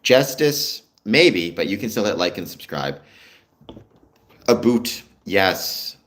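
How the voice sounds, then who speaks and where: A fairly low-voiced Canadian man with a lively, swinging delivery, chatting loosely through a livestream. He reads out viewer comments and answers them in a relaxed, conversational way. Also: slow. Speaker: livestream host. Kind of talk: casual live-stream chat with viewers.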